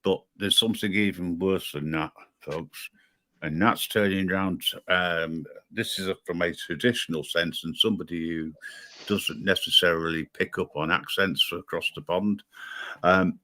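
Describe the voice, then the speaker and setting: A man's voice: deep voice, moderate pace, pushed and bright, no echo. A man chatting on a group call, making wry, mock-formal asides. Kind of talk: casual group chat.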